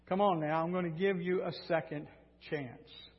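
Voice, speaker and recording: A man's voice: on the high side, fairly even intonation, moderate pace, lightly acted. A man playing a cajoling, bossy king. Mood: coaxing. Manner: coaxing, then threatening. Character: pushy, cajoling ancient king. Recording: dull sound in a reverberant hall.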